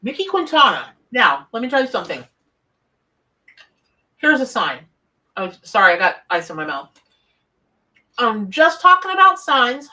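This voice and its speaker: Chatty and effusive, a tarot reader welcomes viewers as she livestreams a reading from her home office. She speaks at a medium pitch with a sharp tone, picked up from some distance away.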